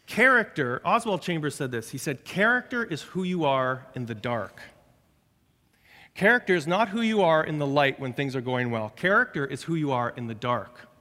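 High-voiced man preaching in a hall. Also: normal speed. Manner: lively, conversational preaching with self-deprecating humor. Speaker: pastor. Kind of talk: sermon.

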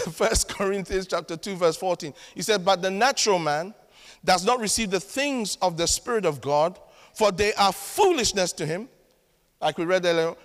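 High-voiced man preaching in an echoing hall. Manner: emphatic preaching with sudden loud outbursts and dry asides. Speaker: pastor. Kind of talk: sermon. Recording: long reverb of a large hall.

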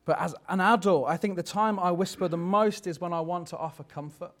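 A man's voice: high-pitched, brisk, hardly any pauses. A man preaching a sermon in a reflective, conversational way, turning dramatic when he reads scripture.

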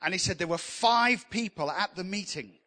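High, bright-voiced pastor, humorous. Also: male voice, moderate pace. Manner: humorous, self-deprecating, animated. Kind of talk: sermon with storytelling. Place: church hall. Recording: long hall reverb.

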